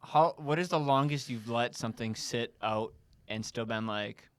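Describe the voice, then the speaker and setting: A man chatting casually on a podcast, adding relaxed, wry asides. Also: mid-range voice, normal speed, a little hiss or hum. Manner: laid-back, chuckling reactions and wry asides. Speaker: podcast co-host. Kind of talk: casual chat.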